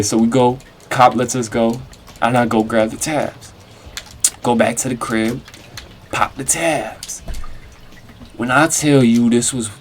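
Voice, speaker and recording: A young man casually telling a rambling storytime, slangy and animated. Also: mid-range voice.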